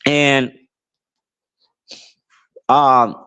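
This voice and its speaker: A man who grew up between Puerto Rico and New York, hosting a podcast and telling a rambling casual story with many restarts and animated outbursts. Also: medium pitch, extremely slow, clear, resonant tone. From Puerto Rico, raised in New York. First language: English. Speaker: podcast host.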